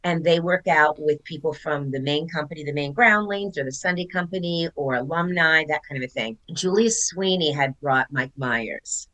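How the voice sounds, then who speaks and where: Older actress guest, lowish bright voice, chatty storyteller who acts out quotes. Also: female voice, normal speed, few pauses, poor audio. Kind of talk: casual interview chat.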